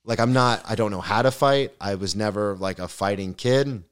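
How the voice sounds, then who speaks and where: A man's voice: lowish voice, normal speed, smooth. A young man, a podcast guest, telling a comedic story with lots of swearing and acted-out quotes. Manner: animated, swearing, acts out the quotes.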